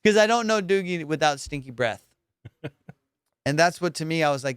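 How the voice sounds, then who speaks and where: A man's voice: medium pitch, a little fast, long pauses, clean tone, no room sound, studio quality. A man hosting a comedy podcast, rambling casually, swearing a lot and laughing often. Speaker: podcast host.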